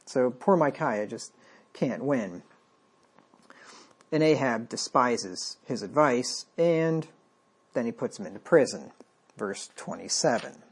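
Husky-voiced man preaching conversationally. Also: medium pitch, expressive, takes it slowly, long pauses. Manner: conversational, wry, acts out the king's lines. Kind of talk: sermon with scripture reading.

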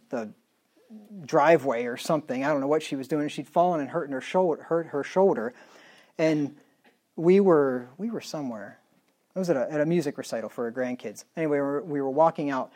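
A middle-aged male pastor preaching a sermon emphatically, reading scripture slowly and dropping into quiet asides. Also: medium pitch. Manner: emphatic preaching, reads scripture in slow measured tones, drops to quiet asides.

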